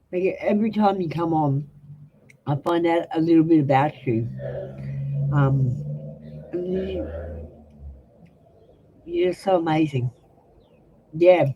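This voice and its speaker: A woman's voice: low-pitched, dark tone, a little hiss or hum. An Australian woman reading tarot cards on a live stream, chatting bluntly and casually with viewers in a practiced announcer-style delivery. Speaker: tarot reader.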